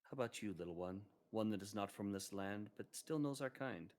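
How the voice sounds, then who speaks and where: A man voicing an old man who is secretly a brass dragon, speaking in a grave, measured way. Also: fairly low pitch, darkish tone, close to an everyday voice. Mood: solemn.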